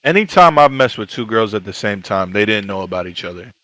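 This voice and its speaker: A man's voice: fairly low pitch, expressive, brisk, bright, forceful tone, dry recording, rough recording. A young man co-hosting a podcast in casual chat, reacting bluntly with slang. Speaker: podcast co-host.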